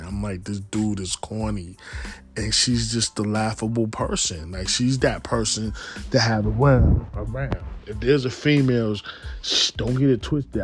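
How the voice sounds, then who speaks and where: A stoned man rambling in a casual, slangy monologue, often losing his thread. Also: on the low side. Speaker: podcast host.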